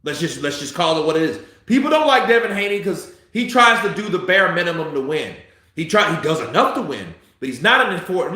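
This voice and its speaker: A man giving profane, heated live commentary on a boxing fight, a little tipsy, swinging between muttering and shouting. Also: high-pitched, very animated, a little fast, very echoey.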